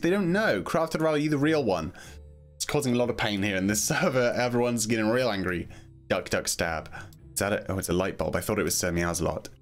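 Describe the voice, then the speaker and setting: A man commenting excitedly on a video game as he plays, jumpy and quick to laugh. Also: fairly high pitch. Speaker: gaming video host. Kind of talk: gameplay commentary.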